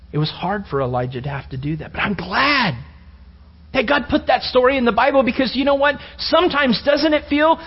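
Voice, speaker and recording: Husky high-voiced male preacher. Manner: animated storytelling, rhetorical questions. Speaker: pastor. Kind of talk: sermon. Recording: dull lo-fi sermon recording.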